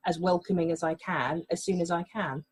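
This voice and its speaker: A woman's voice: fairly low pitch, fairly even intonation, brisk, husky, rough recording. A woman from England, a family mediator, explaining her work in a podcast interview in a reassuring way.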